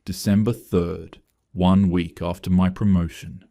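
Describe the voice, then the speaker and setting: A man with a very low voice narrating a scripted first-person story. He sounds tense and confessional, steady in delivery. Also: a little slow, creaky, dry recording.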